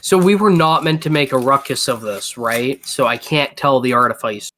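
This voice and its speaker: A man's voice: mid-range voice, moderate pace, pushed and bright, slight background noise. A man playing a tabletop game, speaking bluntly and plainly about plans. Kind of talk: casual gaming banter.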